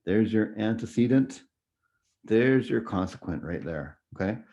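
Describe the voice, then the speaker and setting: Low-voiced man teaching music theory. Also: lively intonation, a little slow, creaky, mellow, dull audio. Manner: explanatory, conversational, frequent "right?" and "okay?" checks. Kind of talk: recorded lecture review.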